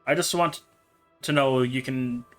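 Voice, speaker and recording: A man's voice: medium pitch, a little slow, a bit bright, faint music behind, lightly acted. A man reading a stern worried father. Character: stern, frightened young father.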